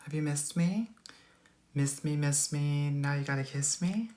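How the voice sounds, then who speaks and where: A man's voice: on the high side, measured pace, warm tone. Sassy Valley Girl-voiced male dating coach. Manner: sassy, campy, playful. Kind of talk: live-stream Q&A chat. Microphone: phone or laptop mic, livestream.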